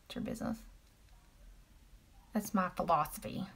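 A woman's voice: a little high, moderate pace, creaky, long pauses. A woman chatting casually with viewers on a live stream while she applies makeup and talks about the products. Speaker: makeup seller doing a live demo.

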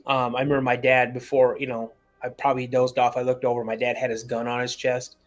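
A man's voice: mid-range voice, flat delivery, fast. Man caller telling a rambling story. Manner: rambling, repeats words, acts out quoted dialogue. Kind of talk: storytelling on a call-in show.

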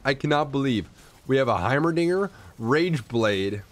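Animated young male streamer. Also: mid-range voice, moderate pace. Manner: excitable, bursts into shouting and laughter. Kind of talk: casual gameplay commentary.

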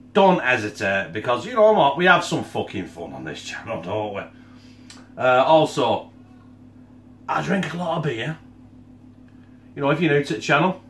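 A man's voice: a little high, fairly bright tone. A man hosting a casual cooking vlog, chatting bluntly with plenty of swearing and jokes, sometimes with his mouth full. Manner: blunt, sweary, jokey banter; talks with his mouth full while tasting. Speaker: cooking channel host. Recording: echoey room.

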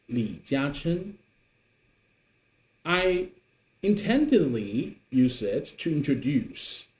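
A man teaching a beginner Mandarin lesson in English, patient and encouraging, showing the tones with his voice. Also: darkish tone. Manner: slow, patient, pitch swinging up and down to show tones. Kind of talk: online language lesson. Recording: echoey room.

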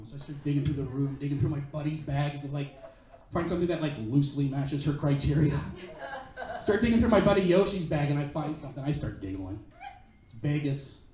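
Audience laughter fills an echoey club, heard from afar, as a man does stand-up on stage and tells a crude story with brash punch. His voice is a little high, expressive, brisk, and mellow.

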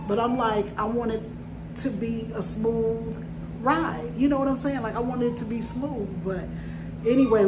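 A middle-aged woman telling a story to her viewers in a lively, casual way and acting out what others said. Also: a little high. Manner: animated retelling, mimics others in quotes. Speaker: vlogger. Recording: roomy echo, clear background noise.

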